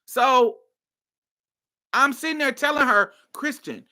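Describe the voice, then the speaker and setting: A woman's voice: low-pitched, animated, measured pace, bright, forceful tone. A woman hosting her podcast, telling a personal story in a casual, blunt and profane way that flares into heated outbursts. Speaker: podcast host.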